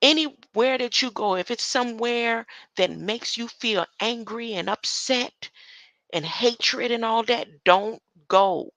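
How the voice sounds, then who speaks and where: A woman hosts a livestream with an unhurried, rambling monologue, peppering it with a questioning "huh?" and little laughs. Her voice is bright and edged with gravelly fry. The sound is dry, with no room around it. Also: a little high, no echo, rough recording. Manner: tags lines with a questioning "huh?"; laughs between thoughts.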